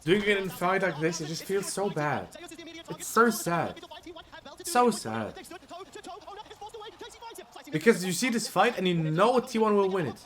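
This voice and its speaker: A man reviewing a match as a coach on a live stream, emotional and animated, often tagging his points with "right?". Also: high-pitched, normal speed, long pauses. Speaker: esports coach.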